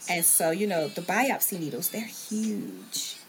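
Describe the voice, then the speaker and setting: A woman's voice: on the low side, very animated, measured pace, soft background music. Woman earnestly retelling a story from home. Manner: earnest, relives scenes by quoting others' words. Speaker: podcast guest. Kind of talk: personal storytelling in conversation. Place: at home, in a bedroom with a TV on.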